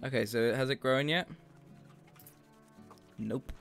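A man's voice: mid-range voice, takes it slowly, creaky, a bit bright. A young man in a chatty, upbeat mood, commenting on a game as he plays and swearing freely. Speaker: streamer and host. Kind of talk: casual gameplay commentary. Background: faint game music.

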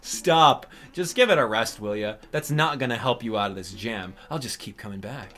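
A man voicing a cranky, sarcastic male mole from a video game, reading its lines aloud in a loud, nagging voice. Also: mid-range voice, normal speed, lightly acted. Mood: exasperated.

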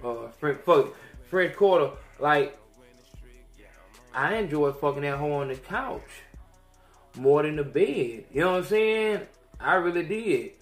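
A young man, a podcast host telling a crude story in a profane, animated rant that swings between loud outbursts and mutters. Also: fairly high pitch, measured pace, long pauses, reverberant, soft background music.

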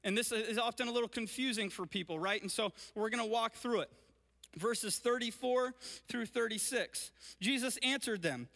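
Bright high-voiced pastor in an echoing hall. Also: male voice, normal speed, gravelly. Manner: energetic, keeps checking in with "right?". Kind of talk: sermon with Bible reading. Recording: long reverb of a large hall.

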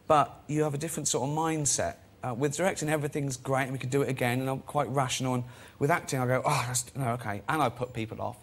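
A man's voice: mid-range voice, fairly even intonation, quick pace, few pauses. A man, a guest on a chat show, telling self-deprecating anecdotes and acting out the people in them. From England. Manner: self-deprecating anecdotal storyteller, acts out voices. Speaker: talk show guest, actor-director.

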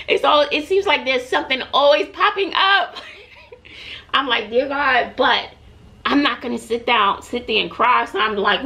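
A woman's voice: fairly high pitch, animated, moderate pace, pushed and bright. A middle-aged woman from Texas telling personal stories on her vlog in a chatty, heartfelt, motivational way, talking straight to her viewers. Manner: earnest, emotional, chatty, addresses viewers directly. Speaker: vlogger.

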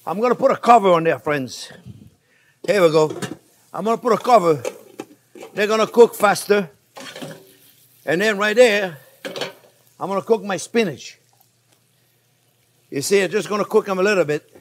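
A man hosting a casual cooking demonstration as a chef. He talks in an animated way, repeats phrases, chuckles, and calls his viewers friends. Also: high voice, moderate pace, long pauses, a little hiss or hum. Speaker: chef, cooking show host.

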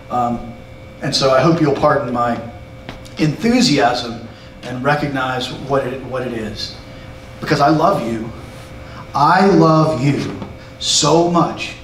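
A man giving a church lesson to his congregation, excitable and emphatic, sometimes shouting. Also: fairly high pitch, distant mic, a little hiss or hum. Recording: roomy echo, recorded from afar.

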